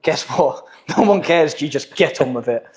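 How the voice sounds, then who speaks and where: A man's voice: fairly high pitch, expressive, normal speed. A young English man hosting a casual podcast chat, telling stories in slangy, profane talk. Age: young adult. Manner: slangy, swearing, storytelling. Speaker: podcast host, agency owner.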